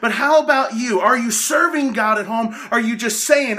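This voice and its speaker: A man preaches a devotional sermon with a high, bright, forceful voice. He is earnest and gets emotional, lifting his voice when he is excited. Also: moderate pace. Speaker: hospice chaplain and preacher.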